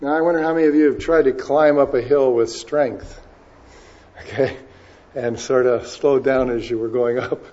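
A male preacher giving a sermon, moving between loud emphasis and quiet asides and stretching key words out slowly. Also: medium pitch, fairly even intonation. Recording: dull lo-fi recording.

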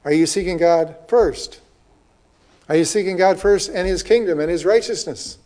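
A man preaching a sermon, reading scripture slowly and often checking in with the listeners with "okay?" and "right?". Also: high voice, mellow. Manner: reads scripture aloud slowly with emphasis. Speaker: pastor. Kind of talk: sermon, Bible teaching.

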